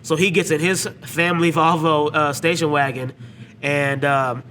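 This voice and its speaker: A man with a bright, slightly raised voice talks through a film as a podcast co-host. He chats casually and retells scenes. A faint noise sits under the recording. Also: on the high side, fairly even intonation, moderate pace. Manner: retells scenes with quoted lines.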